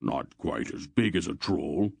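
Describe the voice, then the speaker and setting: A man's voice: a bass voice, animated, unhurried, vocal fry, a little mellow, husky, no echo, full character voice. A man voicing a nervous male thief who speaks in a dry, sardonic way, as a storybook figure. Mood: wry.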